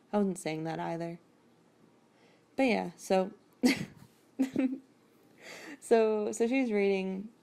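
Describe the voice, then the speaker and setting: A woman's voice: fairly low pitch, warm tone. A woman casually recapping a novel chapter, rambling and chatty, with plenty of fillers and casual swearing. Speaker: podcast host recapping a novel.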